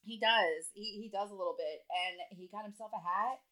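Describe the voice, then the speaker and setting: This is a young woman chatting casually with a co-host, rambling through her stories with plenty of swearing. She laughs as she goes. Her pitch sits right in the middle for a woman. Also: normal speed, pushed and bright, rough recording. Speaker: podcast co-host. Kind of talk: casual chat.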